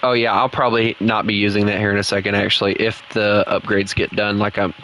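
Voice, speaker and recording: A man's voice: on the low side, flat delivery, fairly quick, a bit bright, slight background noise. A young man with a Southern US accent giving casual, jokey commentary while playing a game, saying "bro" a lot. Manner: laid-back, jokey, says bro a lot. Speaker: gaming streamer.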